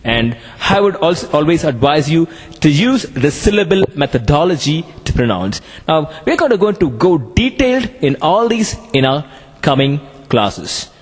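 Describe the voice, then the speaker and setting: A man with an Indian English accent, giving a classroom lecture on communication skills in an animated way. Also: a little high, moderate pace, long reverb tail.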